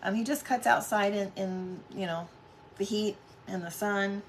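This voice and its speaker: A woman's voice: mid-range voice, measured pace, a little hiss or hum. A middle-aged woman hosting a casual live craft stream at home, chatting with viewers and greeting them by name.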